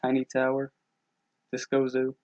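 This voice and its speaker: A young man co-hosting a podcast, chatting casually with short, dry, low-key replies. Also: completely flat delivery, unhurried, a little mellow. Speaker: podcast co-host. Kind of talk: casual chat. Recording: dull lo-fi podcast audio.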